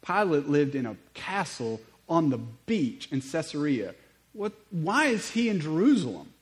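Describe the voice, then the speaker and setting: A man preaching a sermon, telling stories in an animated way with conversational asides. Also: a little high, rough recording. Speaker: pastor.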